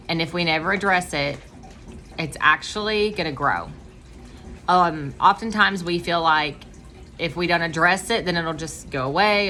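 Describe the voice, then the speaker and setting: A woman's voice: on the low side, pushed and bright, slight background noise. A woman giving direct, earnest advice on marriage communication in a casual talk, acting out the things people say in their heads. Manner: earnest and direct, acts out inner dialogue.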